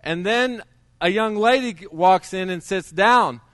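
A man's voice: high-pitched, unhurried, fairly bright tone, dry recording, clean studio sound. A middle-aged man preaching a sermon, telling his testimony in a conversational way with many restarts.

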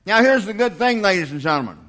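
An older man preaching a sermon with a folksy, humorous touch. His voice sits fairly high for a man, and he slips into small acted-out exchanges. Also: expressive, quick pace, fairly bright tone. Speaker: pastor.

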